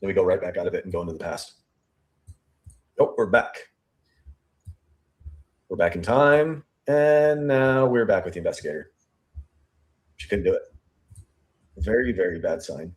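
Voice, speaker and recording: A somewhat low-voiced, animated man breaks down a witness statement bit by bit for his true crime show, reading quotes aloud. Thinking as he talks, he repeats and restarts phrases in search of the right word, lingering on the quoted lines before rushing his commentary.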